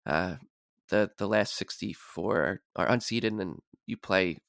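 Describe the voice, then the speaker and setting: Male podcast guest, low voice, dry sound, rambling storyteller. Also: normal speed, creaky, fairly bright tone, dry recording. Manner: rambling, repeats words, many likes. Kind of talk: casual sports podcast chat.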